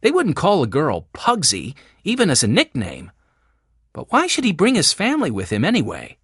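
A woman reading a storybook voicing a sensible, steady older brother who talks in a calm, reasoning way. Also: deep voice, moderate pace, slightly rough, dry recording, clean studio sound, full character voice.

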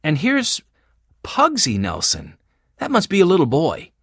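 A woman doing a sensible older brother in a storybook, calm and reasoning, slightly raised from the reader's own voice. Dry close sound. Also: low voice, unhurried, breathy edge, no room sound, full character voice.

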